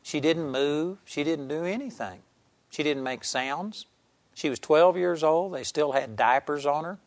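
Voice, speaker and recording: A man's voice: a little high, measured pace, no room sound. A man delivers a television sermon in an earnest, emphatic storytelling manner, his voice sitting a little above the usual male range. The sound is close and dry, with no room around it. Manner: earnest, emphatic storyteller who acts out quoted people. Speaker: television preacher.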